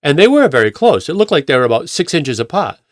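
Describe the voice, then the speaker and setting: A man's voice: on the high side, very animated, fast, no room sound, clean studio sound. A male pastor telling stories in a rambling, conversational way, with frequent restarts and acted-out quotes. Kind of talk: conversational sermon storytelling.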